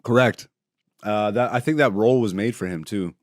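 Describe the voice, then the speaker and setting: Man, podcast host, loud profane banter, bursts of laughter, dry close mic. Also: on the low side, moderate pace, no echo. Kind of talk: casual podcast chat.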